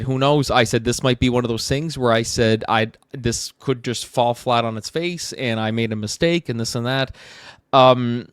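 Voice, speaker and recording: A man's voice: medium pitch, fairly bright tone, clear, resonant tone, dry recording, studio quality. A man from Canada, an actor and theatre director, speaking as a podcast guest in a reflective, casual way with plenty of fillers. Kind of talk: casual interview chat.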